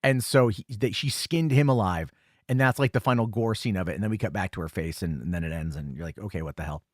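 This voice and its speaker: A man's voice: fairly low pitch, fast talker, no room sound, studio quality. A man hosting a film commentary podcast, recapping the plot in a loose, rambling way with many fillers and self-corrections. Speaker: podcast host reviewing a film.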